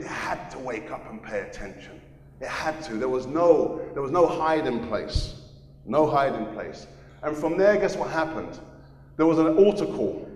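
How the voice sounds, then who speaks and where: A man preaching a sermon, earnestly sharing his testimony and repeating phrases for emphasis. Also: medium pitch. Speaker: pastor. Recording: echoey hall.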